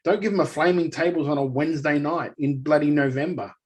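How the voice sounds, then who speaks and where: A man with a fairly high voice rants on a casual podcast, animated and exasperated as he talks. He co-hosts the show and keeps the chat loose. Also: quick pace. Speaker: podcast co-host.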